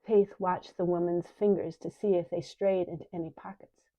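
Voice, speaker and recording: An older woman, an author narrating her own book in calm, even storytelling. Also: on the low side, normal speed. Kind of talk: audiobook narration. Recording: dull lo-fi recording.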